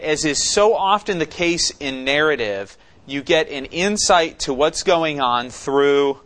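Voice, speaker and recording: A man delivering an expository sermon in a somewhat high voice. He teaches conversationally, putting questions to the congregation and acting out quoted lines with growing intensity. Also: a bit bright. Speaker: pastor.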